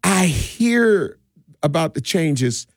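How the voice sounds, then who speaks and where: A middle-aged man who works as a DJ tells stories in a relaxed, rambling way during a casual interview, with frequent restarts and laughs. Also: a little high, extremely slow, dry recording, studio quality. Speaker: DJ and community party organizer.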